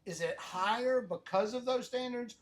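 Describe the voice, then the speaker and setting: A man's voice: very high voice, moderate pace. A middle-aged man hosting a podcast, asking loose, rambling questions that trail off and restart mid-thought. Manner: rambling, self-interrupting questions. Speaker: podcast host. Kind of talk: casual interview chat.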